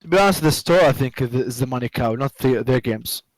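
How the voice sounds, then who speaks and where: A man developer chatting casually while coding, halting and repeating words, muttering to himself at times. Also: mid-range voice, dry recording, poor audio. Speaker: game developer streaming.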